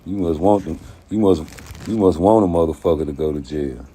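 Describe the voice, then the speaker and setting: A man's voice: deep voice, fairly quick, slight background noise. A man hosting his own channel, talking in a profane, streetwise casual rant. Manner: profane, streetwise, animated storytelling. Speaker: YouTube commentary host.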